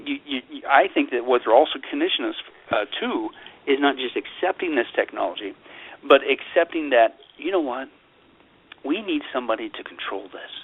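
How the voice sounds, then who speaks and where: A man, a pastor being interviewed, talking in a lively, sarcastic way and slipping into mocking voices to make his point. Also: mid-range voice, slightly rough. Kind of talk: animated interview talk. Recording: tinny phone-line audio.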